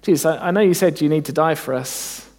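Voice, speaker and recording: A man's voice: a little high, fairly quick, darkish tone, lightly acted. A man acting out an overconfident disciple, insistent, self-assured, raised voice, echoing hall. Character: eager, overconfident male disciple pleading loyalty.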